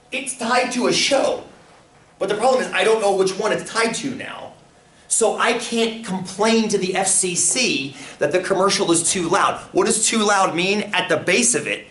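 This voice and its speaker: A man teaching a statistics class, animated and full of questions for his students. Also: high voice. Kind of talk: classroom lecture. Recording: roomy, from far off, faint room noise.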